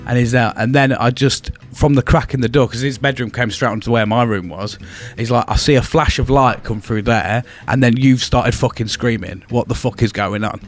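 Bloke, casual podcast storyteller, swears a lot, acts out quotes, faint music under him. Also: male voice, mid-range voice, normal speed, hardly any pauses. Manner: swears freely, animated retelling with voiced quotes. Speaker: podcast co-host. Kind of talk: casual storytelling among friends.

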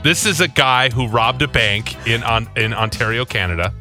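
A man hosting a radio show, telling stories with animated enthusiasm. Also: medium pitch, moderate pace, faint music behind. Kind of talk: casual radio banter.

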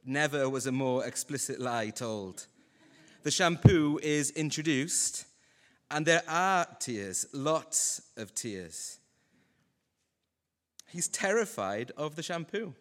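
Joking preacher with hall reverb. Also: male voice, fairly high pitch, animated, measured pace. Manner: conversational and humorous. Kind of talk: sermon. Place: church hall.

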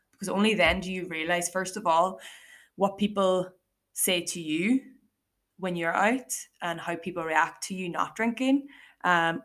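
A woman's voice: fairly low pitch, a bit bright. A young Irish woman hosting a podcast, talking casually on her own with lots of fillers and quoted asides. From Ireland. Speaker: podcast host. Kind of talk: casual solo podcast monologue.

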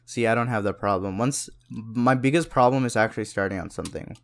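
A man's voice: lowish voice, brisk, creaky. A young man chatting casually about student life, swearing often and leaning on fillers like "you know" and "like.". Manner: loose and profane, lots of fillers. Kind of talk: casual chat.

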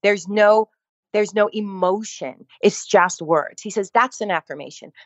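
A woman's voice: medium pitch, a little slow, no echo, highs cut off. A woman, a fitness instructor, telling her story in a conversation, emphatic and repeating phrases for effect.

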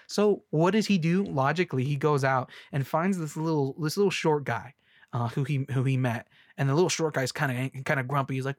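A man's voice: mid-range voice, steady tone, fairly quick, dry recording, studio quality. A young man ranting casually about a movie, rambling and sarcastic, with many restarts. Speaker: movie reviewer.

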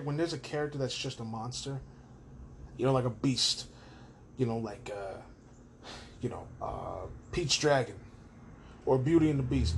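A man hosting a casual solo podcast from his own room, rambling, swearing and animated. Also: fairly high pitch, a little hiss or hum. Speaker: podcast host.

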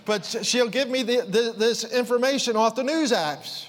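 Fervent high-voiced preacher in a hall. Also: male voice, normal speed. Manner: fervent, rising to impassioned outbursts then dropping low. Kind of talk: sermon.

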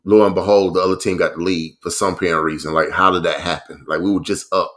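A man co-hosting a casual sports talk show, relaxed and filling his speech with "you know" and "um". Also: sits low, fast. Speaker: podcast co-host.

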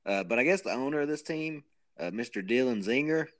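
A man's voice: mid-range voice, lively intonation, brisk. Joking man hosting a podcast. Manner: joking, rambling, self-mocking. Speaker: podcast co-host. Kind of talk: casual chat.

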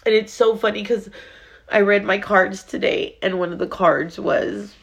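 A woman's voice: mid-range voice, fairly even intonation, measured pace, gravelly, highs cut off. A woman, telling a personal story in a casual, candid way and swearing freely. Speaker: vlogger.

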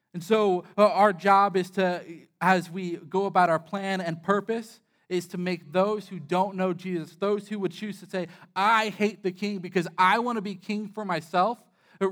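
A man's voice: sits high, fairly bright tone. A young man, a church pastor, giving a sermon in a candid, self-deprecating, conversational way, with frequent "uh" fillers.

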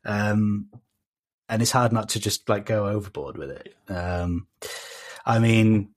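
A man's voice: fairly low pitch, slow. A man with a South Welsh accent, a guest on a casual podcast, talking with many fillers and restarts. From Wales.

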